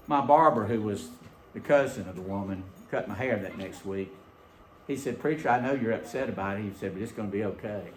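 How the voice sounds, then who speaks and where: A man preaching a sermon, telling a story in an animated, folksy way. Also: fairly low pitch, brisk, roomy sound. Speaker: pastor. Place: church sanctuary.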